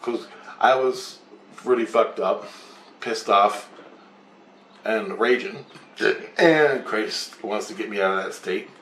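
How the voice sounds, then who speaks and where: A man's voice: fairly low pitch, takes it slowly, long pauses, a bit bright, distant mic, a little hiss or hum. A man telling a long rambling story in casual chat, swearing often and acting out both sides of the talk. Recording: roomy echo.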